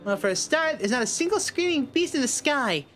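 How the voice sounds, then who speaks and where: Man voicing a hippie girl, high, anxious, bouncy, video game. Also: very animated, fairly quick, fairly bright tone, faint music behind, exaggerated voice. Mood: nervous. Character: frightened young hippie woman.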